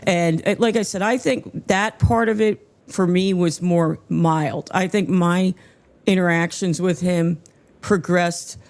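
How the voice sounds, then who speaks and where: A woman's voice: on the low side, fairly even intonation, slow pace, darkish tone. A woman in casual stream chat, speaking hesitantly and stammering as she restarts her sentences.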